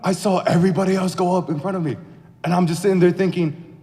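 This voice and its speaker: A man's voice: sits high, steady tone, fast talker, warm tone. A teenage boy improvising a comic monologue on a school stage, slangy and self-mocking, exaggerating wildly. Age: teens. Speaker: drama contestant. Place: school auditorium. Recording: long hall reverb.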